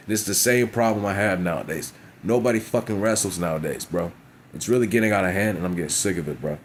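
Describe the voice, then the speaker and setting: Man, low voice, wrestling review rant, crude and blunt, light background hiss. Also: fast. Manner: blunt, profane, frequent "you know what I'm saying". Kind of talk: casual profane rant.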